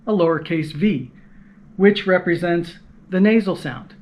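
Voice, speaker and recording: Patient man teaching a language lesson. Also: high voice. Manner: patient, repeats key points, demonstrates sounds. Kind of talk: explanatory language lesson to camera.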